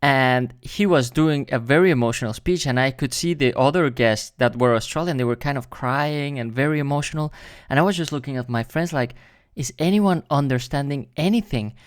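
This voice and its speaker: A man's voice: mid-range voice, a little fast, clean tone, no room sound, studio quality. Hesitant man. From Mexico. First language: Spanish. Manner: hesitant, many fillers. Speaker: reaction channel host. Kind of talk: casual reaction commentary.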